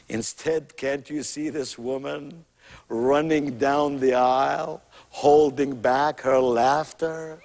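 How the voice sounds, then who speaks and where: A man's voice: medium pitch, steady tone, slow, gravelly, a little mellow, in a large hall. A man giving a motivational keynote, telling stories with emphatic, theatrical delivery and rhythmic repetition. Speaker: motivational speaker.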